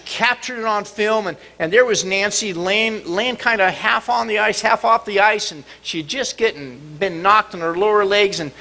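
A middle-aged man preaching a sermon in church, dramatic and expressive, sometimes acting out cries and shouts. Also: high voice. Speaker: pastor. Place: church sanctuary.

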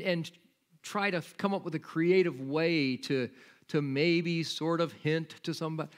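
A man preaching as pastor, telling stories with acted-out dialogue and pleading earnestly with the congregation. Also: fairly high pitch. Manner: animated storytelling with acted-out dialogue. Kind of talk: sermon. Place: church sanctuary.

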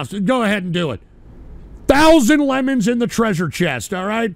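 A man hosting a livestream show, ranting with constant swearing, shouting at trolls, and tacking "all right?" onto his sentences. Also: high-pitched, vocal fry. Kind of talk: profane livestream rant.

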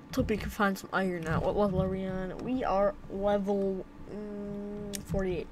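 A woman's voice: mid-range voice, fairly even intonation, normal speed, background noise. A young woman giving casual commentary while playing a game, rambling to herself and breaking into silly chants. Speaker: gameplay commentator. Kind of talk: casual let's-play commentary.

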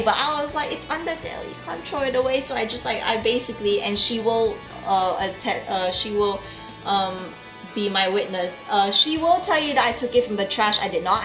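A woman's voice: medium pitch, fairly bright tone. A young woman vlogger gushing and rambling about her art haul, full of fillers and restarts. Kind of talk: casual chat. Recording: echoey room with faint music.

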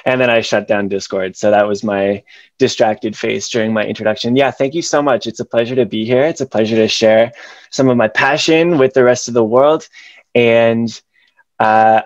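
A man's voice: medium pitch, moderate pace, no room sound. A young man presenting over a video call, his voice full of passion and spoken-word rhythm. The audio is dry and close, with a dull, lo-fi edge that comes from the call. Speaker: educator giving a presentation. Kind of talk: presentation with performed slam poetry.

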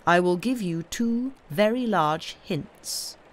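A woman reading the part of a mild, cheerful male priest detective who speaks quietly and pleasantly. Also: lowish voice, expressive, slow pace. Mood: calm.

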